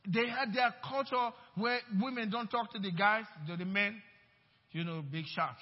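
A pastor preaches with a strikingly high, husky voice, leaning hard on his words and repeating phrases for weight. His voice is heard through a dull, muffled recording that rings with a long church-hall echo. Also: normal speed. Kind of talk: sermon.

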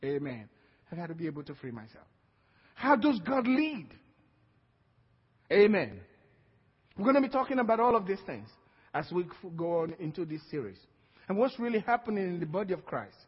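Male pastor with a Nigerian accent, high and husky, emphatic call-and-response preaching; lo-fi church recording. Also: big pitch swings, normal speed, pauses often. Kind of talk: sermon. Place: church hall. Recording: dull lo-fi sound with long hall reverb.

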